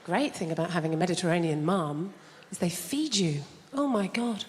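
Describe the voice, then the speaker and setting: A woman's voice: fairly low pitch, normal speed. A woman from England doing a stand-up routine, chatty and self-deprecating, teasing the audience. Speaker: stand-up comedian. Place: large theatre stage. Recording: big theatre with long reverb and loud noise.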